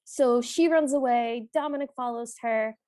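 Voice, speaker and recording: Woman co-host, brighter higher voice, dry sound, wry plot recapping. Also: moderate pace, dry recording. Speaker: podcast co-host. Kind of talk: casual movie recap chat.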